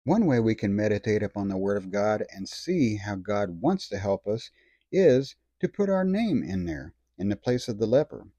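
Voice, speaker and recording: A man preaching a sermon in an earnest way, slowing down to stress words of scripture. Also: on the low side, very animated, warm tone, no echo, dull audio.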